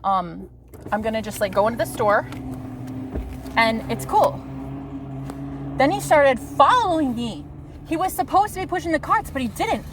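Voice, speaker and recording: A woman's voice: fairly high pitch, slight background noise. A young woman vlogger telling a story to her viewers in a gushing, chatty way, swearing and quoting people as she goes. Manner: gushing, breathless, swears and laughs often. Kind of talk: casual storytelling to camera.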